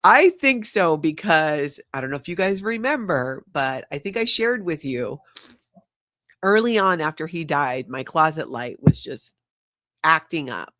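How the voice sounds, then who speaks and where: A woman's voice: deep voice, lively intonation, unhurried, fairly bright tone, dry recording, clean studio sound. An older woman chatting casually on a livestream, laughing often and reading viewer comments aloud. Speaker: livestream host.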